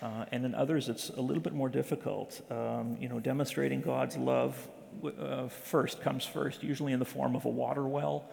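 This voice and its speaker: A man's voice: medium pitch, level tone, moderate pace, gravelly, few pauses, darkish tone, in a large hall. A man working in missions tells stories in an earnest, conversational way, often restarting his sentences. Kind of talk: conversational storytelling.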